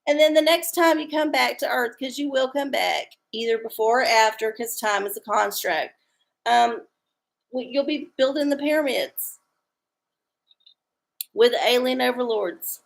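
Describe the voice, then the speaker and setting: An unhurried woman with a high, fry-tinged voice runs a tarot-reading stream. She talks loosely with viewers, rambling, irreverent and crude, chuckling throughout.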